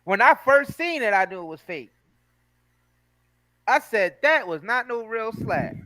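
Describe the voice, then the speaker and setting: Male host with a high voice, emphatic and slangy, on a dry mic. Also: very animated, unhurried, bright, forceful tone, dry recording, poor audio. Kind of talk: casual chat.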